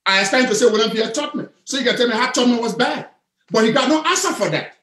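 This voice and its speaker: A man's voice: extremely high pitch, animated, fast, bright, forceful tone, echoey room. A man in a heated debate as a guest, insistent and interrupting, repeating his points again and again.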